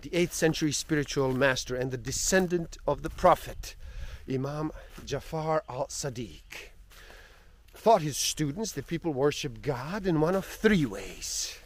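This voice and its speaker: Brief: earnest male spiritual narrator, slow, slightly high voice. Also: animated. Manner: slow, earnest, sometimes dropping soft. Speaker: storyteller and spiritual speaker.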